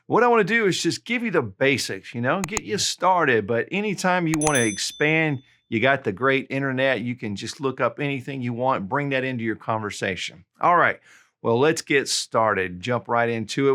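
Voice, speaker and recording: A man teaching vocabulary in an online lesson. He talks in a friendly, casual way and says each word slowly, then repeats it. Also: mid-range voice, sharp tone. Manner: slow, deliberate repetition of words. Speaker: Spanish tutor.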